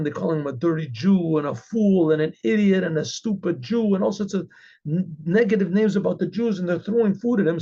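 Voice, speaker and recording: A man storyteller with a high, mellow voice and a husky, gravelly edge. He rambles through his tale with lots of "you know"s and keeps stopping to clear his throat. The recording is dull and lo-fi. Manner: rambling, with many fillers and frequent throat clearing. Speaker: rabbi. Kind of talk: storytelling talk.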